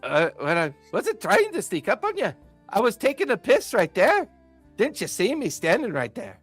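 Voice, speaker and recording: A man voicing a drunken, grumpy old man who has claimed a ruined tower, rambling and gruff. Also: high-pitched, huge pitch swings, normal speed, a bit bright, soft background music, full character voice.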